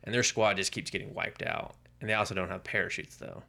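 Male podcast co-host, low gravelly voice, animated storyteller. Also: fast talker. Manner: animated storytelling, acting out quoted lines. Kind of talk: casual comic book podcast chat.

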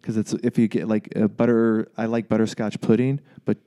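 A man's voice: fairly low pitch, level tone, normal speed, mellow, clear, resonant tone, muffled recording. A man chatting casually, rambling with many restarts and "like"s. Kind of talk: casual chat.

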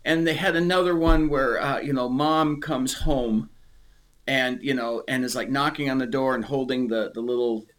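A man in casual conversation about faith, rambling and restarting, animated and emotional as he speaks. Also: mid-range voice, normal speed. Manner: rambling, animated, repeats words.

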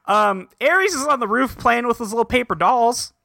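Cast: bright, dry-voiced man, rambling podcast co-host, animated. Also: very high voice, normal speed, gravelly, no room sound. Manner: rambling, filler-heavy, acts out quotes. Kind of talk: casual episode recap chat.

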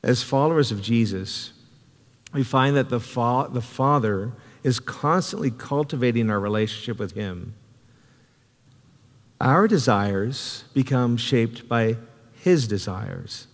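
A man's voice: mid-range voice, animated, slow. Earnest male pastor in a reverberant hall. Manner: earnest, conversational, with frequent restarts. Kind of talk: sermon storytelling.

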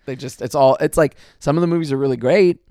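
A man's voice: mid-range voice, fast, warm tone, dry recording, clean studio sound. A man co-hosting a podcast, chatting casually in rambling, enthusiastic bursts and often restarting his sentences. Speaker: podcast co-host. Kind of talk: casual chat.

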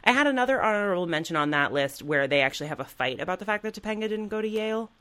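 A woman's voice: mid-range voice, expressive, very fast, a bit bright. A woman co-hosting a podcast, chatting casually and animatedly retelling TV scenes. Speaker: podcast co-host. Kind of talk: casual chat.

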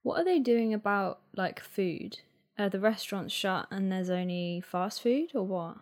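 A woman's voice: mid-range voice, lively intonation, measured pace. A woman co-hosting a podcast, chatting casually and using "like" a lot. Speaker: podcast co-host. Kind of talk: casual chat.

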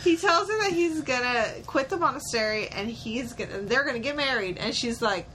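A woman's voice: on the high side, animated, pushed and bright, a little hiss or hum, poor audio. A young woman co-hosting a podcast, chatting casually and laughing as she recaps a show. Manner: chatty, laughs often, quick asides. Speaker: podcast co-host.

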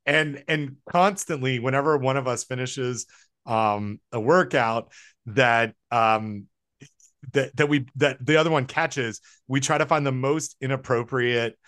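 A man from the American South co-hosting a casual podcast chat, rambling and self-deprecating, quick to laugh. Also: mid-range voice, fairly bright tone, clear, resonant tone, no room sound, clean studio sound. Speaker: podcast co-host.

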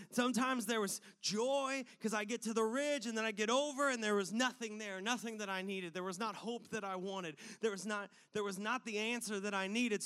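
A man with a notably high voice speaks to a live audience. He tells a personal story in a sermon-style talk, animated and casual, with many loose filler words. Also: clean tone. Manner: animated, conversational, lots of "like" fillers.

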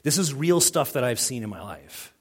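A man's voice: mid-range voice, very animated, normal speed, husky. Middle-aged pastor guy preaching, chatty storytelling sermon, does the voices in his stories. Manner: conversational storytelling with quoted dialogue.

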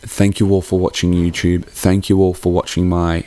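A young man with a very deep voice talks in a flat, even tone. He rambles through a heartfelt, casual holiday sign-off and drops a swear word here and there. The sound is dry and close to the mic. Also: normal speed, no room sound. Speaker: podcast host.

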